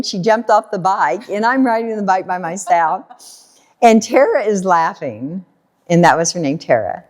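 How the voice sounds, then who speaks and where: An American woman telling a personal story in a casual talk, animated and laughing often while she acts out what people said. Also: medium pitch, unhurried. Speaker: guest storyteller.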